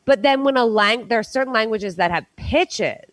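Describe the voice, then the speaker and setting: A woman's voice: fairly high pitch, moderate pace, dry recording, poor audio. A woman hosting a late-night quiz show, telling long rambling stories in casual chat with playful put-on voices. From New York.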